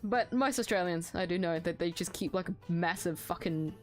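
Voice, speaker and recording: A woman streamer giving casual gameplay commentary, excitable, laughing often and swearing freely. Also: on the low side, normal speed. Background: faint background music.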